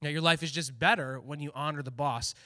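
A man preaching in a casual, story-driven way, animated and slipping into the voices of the people he quotes. His voice sits high and sounds bright and forceful. The recording is close and dry. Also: a little fast, dry recording.

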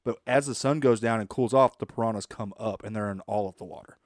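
A man's voice: on the low side, quick pace, no echo, clean studio sound. Profane storytelling man. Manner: profane, storytelling, laughs while telling. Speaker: podcast co-host. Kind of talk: casual chat.

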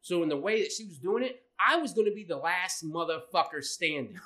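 A man co-hosting a casual podcast, spinning a story in a very bright, cutting tone. He swears freely, acts out every quote, and his pitch swings widely from line to line. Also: fairly quick. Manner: profane, animated storyteller who acts out quotes. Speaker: podcast co-host.

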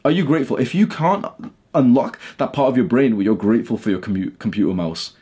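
A man's voice: medium pitch, fast, warm tone, slightly rough. A young man talking to camera from his bedroom, blunt and heated, swearing often as he rants. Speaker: YouTuber. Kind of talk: casual talk to camera.

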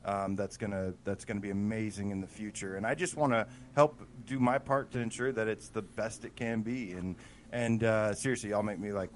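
Earnest, enthusiastic gaming show co-host. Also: male voice, fairly low pitch, fairly even intonation, fairly quick, a little hiss or hum. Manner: earnest and enthusiastic, with casual swearing. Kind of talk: casual chat.

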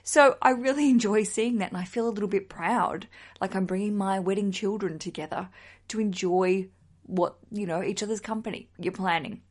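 Woman, solo podcast host, lively, self-mocking, casual chat. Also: mid-range voice, normal speed. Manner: chatty, self-mocking, animated.

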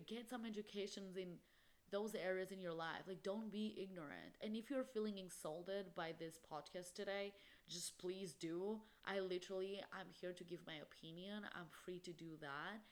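A young woman hosts her own podcast, talking alone straight into the mic. She speaks emphatically and with feeling, leaning on "literally" and "like" as she presses her points home. Her voice sits at a middling pitch for a woman. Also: normal speed. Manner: emphatic, impassioned, peppered with "literally" and "like". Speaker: podcast host. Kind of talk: solo podcast monologue.

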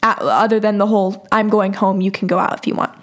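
A woman's voice: mid-range voice, fairly even intonation, quick pace. A young woman hosting a podcast, candidly recounting a bad relationship and reading out old text messages in a frank, profane, exasperated way. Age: young adult. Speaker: podcast host. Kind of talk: personal storytelling, reading out old texts.

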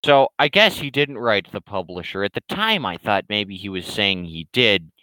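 A man's voice: on the low side, expressive, moderate pace, bright, forceful tone, dry recording, poor audio. A man retelling an online argument with dry, sarcastic asides. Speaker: online content creator.

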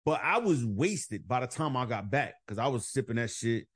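A man hosting a podcast, telling a bar story in casual, profane, animated chat and acting out the voices of the people in it. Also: mid-range voice, normal speed. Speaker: podcast host.

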